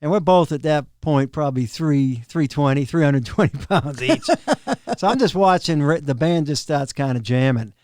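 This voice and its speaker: Animated middle-aged man telling road stories. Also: fairly high pitch, normal speed, no echo, studio quality. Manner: animated, laughs often, acts out quoted people. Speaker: professional drum tech, podcast guest. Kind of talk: casual storytelling of road anecdotes.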